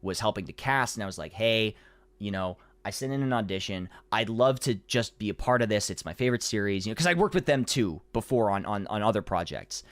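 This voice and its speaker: A man's voice: lowish voice, lively intonation, fairly quick, dry recording. A man, a voice actor, telling a long story in a casual podcast chat, rambling with many restarts.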